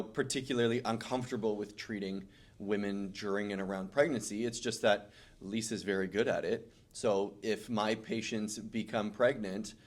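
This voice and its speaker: A man, a chiropractor co-hosting a casual podcast chat. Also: lowish voice.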